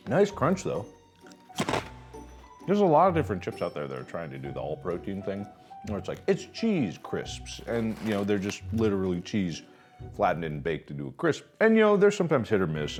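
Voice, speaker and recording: A man in his thirties hosting a casual snack review, joking and rambling, sometimes talking with his mouth full. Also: on the low side. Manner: jokey, rambling, talks while chewing.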